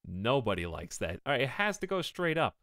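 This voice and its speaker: A man streaming a game live, reacting excitably and bantering with his chat. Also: medium pitch, brisk, dry recording, clean studio sound.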